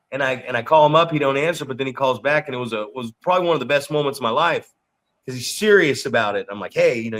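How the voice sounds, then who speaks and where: In casual podcast chat, this medium-pitched co-host, who also coaches wrestlers, spins animated stories, cursing freely and repeating his words.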